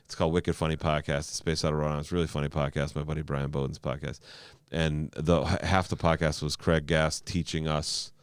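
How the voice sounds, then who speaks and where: Male stand-up comic guest, very low voice, smooth and clean, dry close mic, rambling animated anecdotes with swearing. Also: fairly quick, hardly any pauses, no echo. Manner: animated storyteller, stammering restarts, frequent swearing. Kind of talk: casual podcast storytelling.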